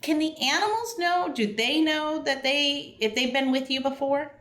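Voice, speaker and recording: A woman's voice: high-pitched, normal speed, fairly bright tone. A woman co-hosting a podcast, talking in rambling, self-interrupting bursts with emotion. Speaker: co-host. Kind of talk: casual podcast chat.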